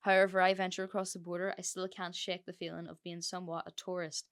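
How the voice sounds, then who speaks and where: A woman with a Northern Irish accent hosts her podcast alone. She talks casually and bluntly, padding sentences with fillers and swearing freely, in a slightly low voice. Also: little pitch movement, quick pace, smooth. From Northern Ireland. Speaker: podcast host. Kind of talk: solo podcast talk.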